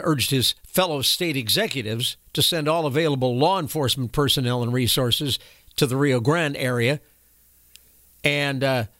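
Guy doing political commentary, kinda higher voice, totally dry close mic, folksy and fired up. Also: pushed and bright, dry recording. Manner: folksy, indignant, reads posts aloud with pauses and fillers.

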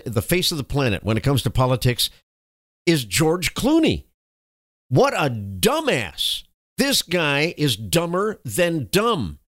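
A male radio host ranting through a political monologue, emphatic and insulting. His pitch sits a little high and swings widely. The mic is close and dry, with no room sound. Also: fairly bright tone, no room sound. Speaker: radio talk show host.

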